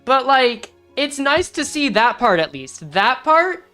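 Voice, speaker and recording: A woman streaming a story game, commenting in a loose, rambling way. She gets loud and excited easily and swears freely. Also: high voice, takes it slowly, soft background music. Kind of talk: casual live-stream commentary.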